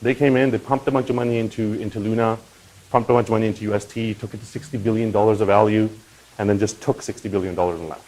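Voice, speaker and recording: A man hosting a crypto channel, talking in a casual, animated explainer style and often checking in with "right?" and "okay?". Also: fairly low pitch, fast talker, low-quality recording. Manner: animated, swings into loud mock voices and profanity; conversational with frequent "right?" and "okay?".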